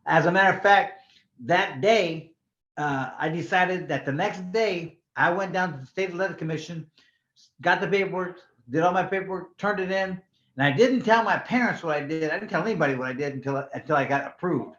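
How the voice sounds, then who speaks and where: A man's voice: a little high, fairly quick. A man from California, a former pro boxer, telling stories in a casual interview. He swears freely and often restarts his sentences. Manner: animated storyteller, swears freely, many restarts. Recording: roomy, slightly dull sound.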